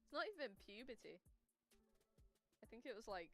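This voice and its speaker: Young woman, chatty, giggly, bright youthful voice, faint music behind. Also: a little high, lively intonation, normal speed. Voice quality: voice between a girl's and a grown woman's. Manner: chatty, giggly, rambling storyteller. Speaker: livestream co-host. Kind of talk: casual chat on a game dev stream.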